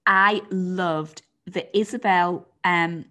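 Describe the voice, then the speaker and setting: A woman's voice: lowish voice, steady tone, slow, bright, forceful tone. A woman co-hosting a casual podcast, chatty and teasing, filling her talk with "like". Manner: chatty, teasing, heavy use of "like". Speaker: podcast co-host. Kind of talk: casual chat.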